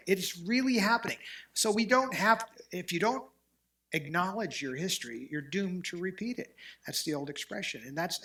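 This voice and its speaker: A man hosting a casual talk show, talking in an animated, opinionated way with frequent restarts. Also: sits high. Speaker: host. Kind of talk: casual chat.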